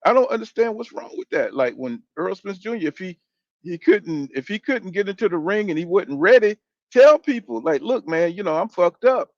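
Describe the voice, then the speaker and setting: Brief: man, fairly high voice, loose swearing commentator, dull dry lo-fi sound. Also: sing-song, normal speed, dry recording. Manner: rambling, profane, keeps saying "you know what I'm saying". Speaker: boxing commentator. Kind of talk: casual opinion rant.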